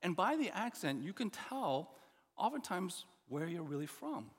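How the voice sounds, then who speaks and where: A middle-aged man preaching a sermon as pastor, earnest and animated, with many restarts and asides. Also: sits high, a little slow. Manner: animated, earnest, with frequent restarts and "you know". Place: church sanctuary. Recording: long hall reverb.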